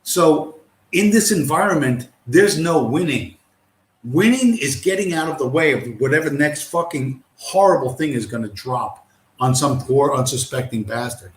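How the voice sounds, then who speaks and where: A man hosting a livestream, ranting in a profane, scornful and combative way. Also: a little high. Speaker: livestream host. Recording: roomy echo.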